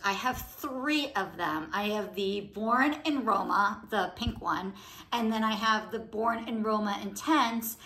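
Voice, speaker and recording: A woman beauty vlogger chatting casually about products she loves, gushing and excitable with a rambling flow. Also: mid-range voice. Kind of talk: casual product review chat.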